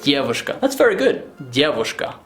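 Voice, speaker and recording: A man giving a casual language lesson, jumping high in pitch when acting out example phrases. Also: wildly swooping pitch, moderate pace, soft background music. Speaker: language teacher.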